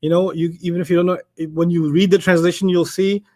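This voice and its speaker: A man leads a classroom lesson with quick, animated call-and-response. His voice sits a little high, and he talks at a brisk clip, breaking into rapid recitation. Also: crowd noise. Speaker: Quranic Arabic teacher.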